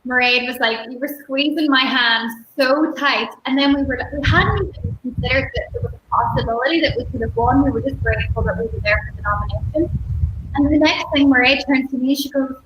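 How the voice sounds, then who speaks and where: A woman guest telling stories in a relaxed chat, laughing often. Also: high voice, brisk, echoey room, highs cut off, background noise. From Ireland. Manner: chatty storyteller, laughs often. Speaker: guest musician. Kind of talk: casual chat on a live stream.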